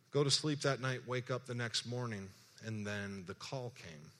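A man giving a sermon-style personal testimony, telling the story with animated, emphatic delivery. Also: mid-range voice, moderate pace. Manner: animated storytelling, acts out dialogue, laughs often; earnest and emphatic. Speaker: speaker sharing a personal testimony.

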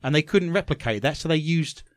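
A man's voice: a little high, a little fast, no room sound. A man hosting a casual quiz segment, teasing his co-hosts with jokes and tangents. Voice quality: lively, joking, animated delivery. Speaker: quiz host. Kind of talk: casual podcast banter.

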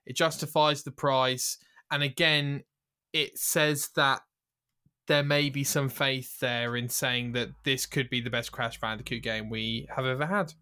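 A man with a bright, forward voice co-hosts a casual gaming podcast. He jokes easily and launches into news segments with enthusiasm. His tone stays relaxed and chatty. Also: mid-range voice, a little slow, clean tone. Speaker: podcast co-host.

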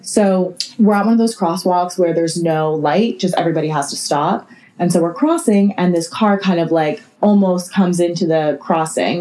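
Young woman podcast co-host, swears freely, talks in lively, filler-filled bursts. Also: fairly low pitch, low-quality recording. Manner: profane, animated, filler-heavy. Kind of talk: casual chat storytelling.

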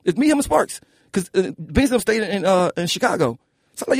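Philly rapper dude, husky voice, high and all over the place, cussing and storytelling. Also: male voice, a little fast, no echo, clean studio sound. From Philadelphia. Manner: animated, profane, keeps asking "you know what I'm saying". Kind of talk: casual interview storytelling.

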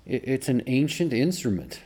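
A man interviewed about playing the shofar, talking earnestly and haltingly with repeated words. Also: mid-range voice, big pitch swings, over loud music. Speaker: trumpeter and shofar blower.

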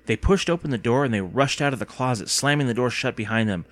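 A man narrating an audiobook with expressive storytelling. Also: mid-range voice, quick pace.

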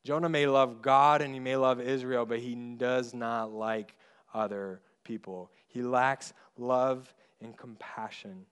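Earnest preaching man, swelling and softening. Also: mid-range voice, steady tone, smooth. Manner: earnest preaching, rising loud on key points and dropping soft and slow on tender ones. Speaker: pastor. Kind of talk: sermon.

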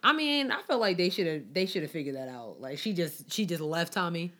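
On a casual podcast recorded with a studio mic, a female co-host chats animatedly and shares lots of fan theories about a TV show. Her voice sits on the low side and is fairly bright, with a sing-song lilt and a fairly quick pace.

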